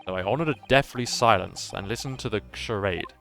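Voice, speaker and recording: Aloof, sneering nobleman lawyer in a game, low and unhurried, read by a male streamer. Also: creaky, a bit bright, soft background music. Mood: disdainful. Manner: slow, disdainful, low-voiced. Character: cold haughty aristocratic male prosecutor.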